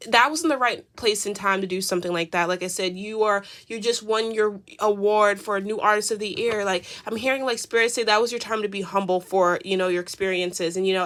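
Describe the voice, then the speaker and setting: A woman's voice: medium pitch, fairly bright tone. A woman doing a casual tarot reading, talking in a chatty, rambling way with many fillers. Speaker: tarot reader.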